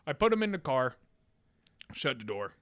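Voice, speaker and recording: A man's voice: mid-range voice, moderate pace. A young man, a podcast co-host, telling a funny story in casual chat, laughing and acting out voices. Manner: animated, laughing storyteller acting out a kid's screams.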